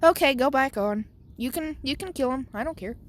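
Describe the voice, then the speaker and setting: A woman's voice: sits high, lively intonation, fairly quick, pitched above the performer's own voice. A woman voicing a callous male teacher who speaks in a dismissive, offhand way.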